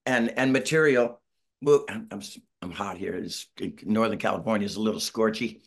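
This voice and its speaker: A man's voice: fairly low pitch, normal speed. Rambling middle-aged man on a video call. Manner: rambling storyteller, acts out quotes, self-deprecating. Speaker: band member, interview guest. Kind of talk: casual video-call interview. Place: home, Northern California.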